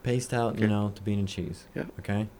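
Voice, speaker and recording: Low-voiced joking man rambling casually. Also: little pitch movement, racing, mellow. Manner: rambling, joking, playfully defensive. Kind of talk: casual chat.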